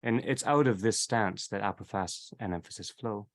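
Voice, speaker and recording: Male seminar leader, slightly low pitch, measured reflective delivery, circles back on his own phrases. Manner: repeats and rephrases, unhurried. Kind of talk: reflective theology lecture.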